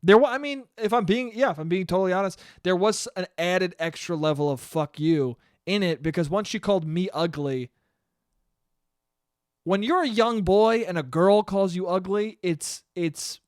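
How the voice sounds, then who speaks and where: A man's voice: high-pitched, moderate pace, clear, resonant tone, no echo, clean studio sound. A young man hosting a solo podcast, rambling casually and swearing, with self-deprecating bursts of laughter. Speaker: podcast host.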